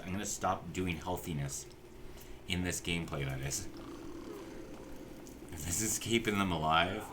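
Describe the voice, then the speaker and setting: A man commentates his life-sim game in a casual, profane way, often scolding the characters in exasperation. His voice sits very low. A steady noise runs under the stream audio.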